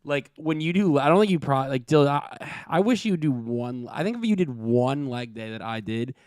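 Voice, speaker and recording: A man's voice: mid-range voice, animated, a little mellow, dry recording, studio quality. A man co-hosting a casual podcast chat, offhand and sometimes emphatic. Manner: fast, offhand, gets emphatic. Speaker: podcast co-host.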